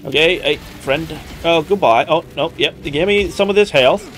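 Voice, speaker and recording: A man's voice: on the high side, normal speed, fairly bright tone, soft background music. A man streaming a video game, chatting casually and exclaiming at what happens, in a playful put-on country accent. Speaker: gaming streamer. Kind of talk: casual let's-play commentary.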